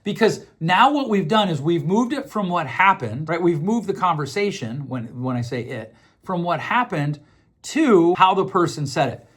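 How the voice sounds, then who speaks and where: A man's voice: sits high, big pitch swings, slightly rough. A man giving advice on conflict in an earnest, direct way, often acting out short bits of dialogue. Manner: earnest, acts out short dialogues with quick shifts in voice. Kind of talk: direct-to-camera advice talk.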